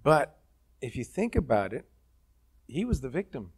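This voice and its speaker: A man's voice: medium pitch, big pitch swings, moderate pace, husky. A man who is the guest actor at a college talk, speaking in a casual, musing, conversational way. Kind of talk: onstage conversation. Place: college event stage.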